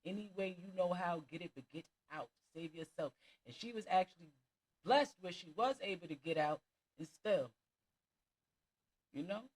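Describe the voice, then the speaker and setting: A woman's voice: fairly low pitch, lively intonation, normal speed, long pauses, darkish tone, low-quality recording. A woman vlogger giving casual commentary, emphatic and preachy, repeating her points for stress. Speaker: vlogger host.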